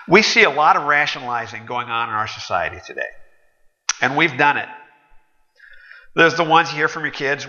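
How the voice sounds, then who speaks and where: A male pastor delivers a sermon in a relaxed, chatty, sardonic manner. His voice is fairly high and very bright. The sound is dull and carries the long reverb of a church hall. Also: normal speed. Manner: conversational, wry and sardonic. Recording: dull echoey hall recording.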